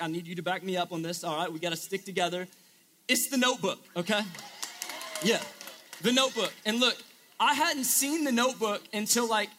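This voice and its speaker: A man's voice: high voice, sharp tone. A young man preaching a casual sermon to a live audience, chatty and joking with lots of filler words.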